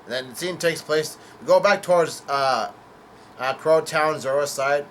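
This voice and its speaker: A man's voice: on the high side, moderate pace, a bit bright, slight background noise. Hesitant man recapping a comic chapter. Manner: hesitant, full of fillers and self-corrections, casual swearing. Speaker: manga chapter reviewer. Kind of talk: casual chapter recap read-through.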